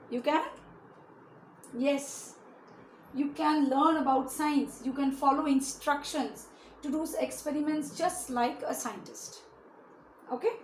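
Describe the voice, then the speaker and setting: Woman teacher, high voice, echoey room with faint hiss, keeps quizzing the kids. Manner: asks pupils many questions, often adds "you know". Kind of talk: classroom lesson for children.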